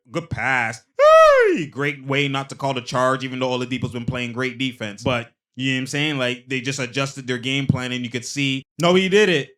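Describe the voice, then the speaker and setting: A man hosting a casual basketball replay breakdown, excitable and slangy, breaking into laughter between remarks. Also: medium pitch, normal speed. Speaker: host.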